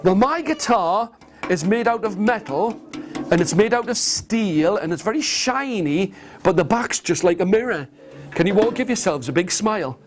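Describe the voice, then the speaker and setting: A man telling an interactive story to nursery children in a classroom, animated and coaxing, getting them to copy his gestures. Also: sits high. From England. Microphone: video camera. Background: guitar.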